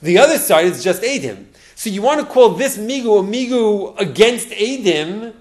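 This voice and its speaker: A man's voice: high-pitched, sing-song. A man teaching a Talmud lesson, explaining it step by step with rhetorical questions and frequent restarts. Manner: halting, restarts words.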